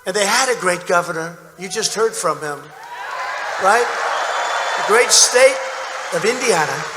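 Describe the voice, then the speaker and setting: A man's voice: high-pitched, lively intonation, unhurried. A man giving a boastful, repetitive campaign rally speech with mocking asides in a large indoor arena. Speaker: political candidate speaking at a rally. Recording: echoey arena, crowd noise. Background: cheering crowd.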